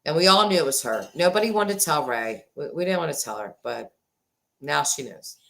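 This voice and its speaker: A woman's voice: low voice, fairly quick, vocal fry. A woman in her forties hosting a casual livestream chat, thanking viewers and talking at a desk microphone. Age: 40s. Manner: chatty, thanking viewers, swings between excited and subdued. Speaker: livestream host. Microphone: desk microphone, sometimes glitchy.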